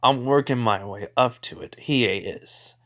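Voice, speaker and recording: A man voicing a calm, menacing teenage boy with demon powers, speaking flat and quiet. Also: mid-range voice, unhurried, lightly acted. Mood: cold.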